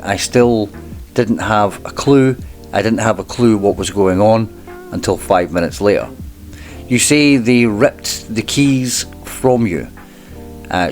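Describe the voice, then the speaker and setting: A man hosting a channel, reading a court transcript aloud at a measured pace and breaking in with dry, wry asides. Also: fairly low pitch.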